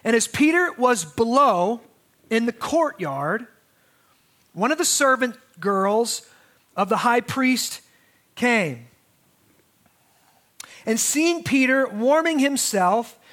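A man's voice: very high-pitched, a bit bright. A man preaching a sermon as pastor, in a conversational way with restarts and asides.

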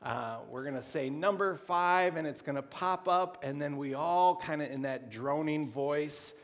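A man preaching to his church in an unhurried, conversational sermon, stopping and restarting his phrases as he goes. His voice sits a little high for a man. The sound rings with the long reverb of a large sanctuary. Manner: conversational, halting with restarts and fillers. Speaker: pastor.

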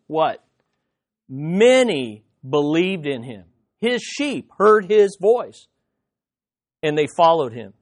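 A male pastor with a high voice preaches an expository sermon to his congregation. He comes across animated and conversational, often restarting his sentences and dropping into quick, playful impressions.

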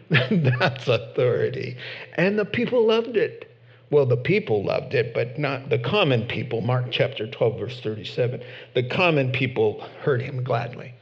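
A man preaching a sermon in an animated, emphatic way, with sudden loud bursts. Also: medium pitch, normal speed, muffled recording. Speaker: pastor.

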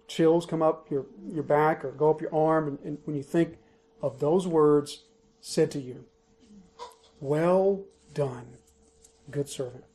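Emphatic preacher man, higher voice. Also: mellow. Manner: emphatic, repeats key points. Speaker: pastor. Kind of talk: expository sermon.

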